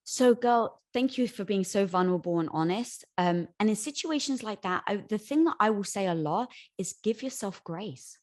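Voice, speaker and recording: A woman's voice: mid-range voice, lively intonation, normal speed, hardly any pauses. A woman interview guest speaking in an earnest, encouraging way. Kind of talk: conversational interview.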